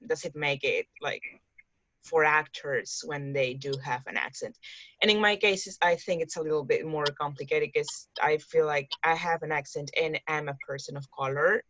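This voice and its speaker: Low-voiced woman with a Peruvian accent. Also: fairly bright tone, dry recording, muffled recording. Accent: Peruvian Spanish. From Peru. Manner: hesitant, searching for words. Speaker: audience member asking a question. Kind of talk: video call question. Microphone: video call.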